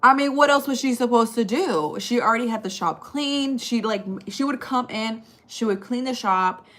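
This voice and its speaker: A woman born in Chile and raised in the United States, telling a casual story with lots of fillers and swearing. She rises higher and louder when outraged. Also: normal speed. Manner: rambling, profane, lots of fillers; gets loud and high when outraged. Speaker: storytime vlogger.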